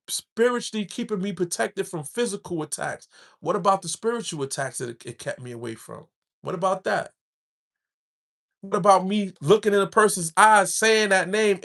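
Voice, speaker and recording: A middle-aged man with a high voice speaks his mind in a loose, street-inflected way. He keeps circling back and repeating key phrases to drive his point home, as if preaching in casual talk. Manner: animated, street-inflected, repeats himself for emphasis. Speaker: podcast host.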